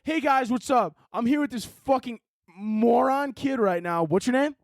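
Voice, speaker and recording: A man's voice: very high voice, normal speed, no room sound, clean studio sound, voice pushed up. A man putting on the voice of a pushy, hype-talking entrepreneur who preaches in repeated phrases. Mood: gloating. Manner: preachy motivational patter, repeating himself.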